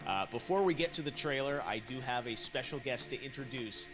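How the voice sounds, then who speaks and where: A man's voice: medium pitch, brisk, over music. A man hosting a live in-game event, upbeat and interviewing his guest. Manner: upbeat presenter, hyping and interviewing. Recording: noisy game-stream audio.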